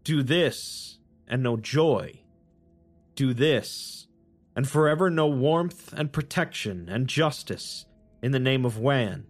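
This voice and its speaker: A man voicing a radiant broken god that issues commands in a grand, chant-like way, slowly. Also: mid-range voice, expressive, faint music behind. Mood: imperious.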